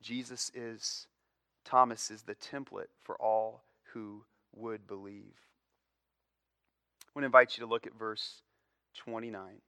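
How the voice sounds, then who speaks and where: Male pastor, sermon delivery, emphatic and earnest, bright forceful voice on a dry close mic. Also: on the low side, steady tone, a little slow, pauses often, no room sound. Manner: earnest, emphatic preaching with repeated "you see" and falling phrase ends.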